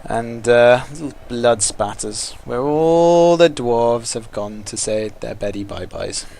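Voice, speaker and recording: Excitable man trash-talking over a game. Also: medium pitch, takes it slowly, creaky. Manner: excitable, taunting trash talk. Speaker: gaming commentator. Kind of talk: let's-play commentary.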